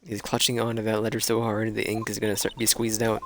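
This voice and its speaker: A man's voice: lowish voice, completely flat delivery, fast, slight background noise. A man streaming a game live, reading its dialogue aloud with casual asides. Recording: game music clearly behind. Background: game music.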